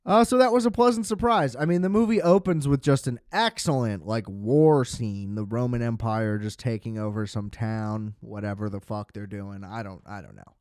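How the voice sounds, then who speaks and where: A man's voice: lowish voice, moderate pace, hardly any pauses, a little mellow, no room sound, clean studio sound. A man hosting a podcast, reviewing films in a rambling, sarcastic monologue full of fillers and swearing. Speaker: podcast host. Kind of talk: casual film review monologue.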